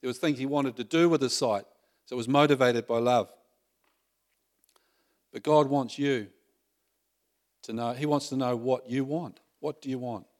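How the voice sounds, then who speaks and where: A man's voice: mid-range voice, fairly even intonation, normal speed, pauses often. Male preacher, conversational sermon, asks the room questions, mid-range voice.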